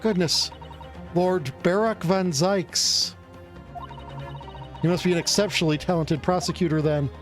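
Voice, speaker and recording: Man reading a calm, courteous young woman. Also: sits high, unhurried, long pauses, faint music behind. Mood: composed.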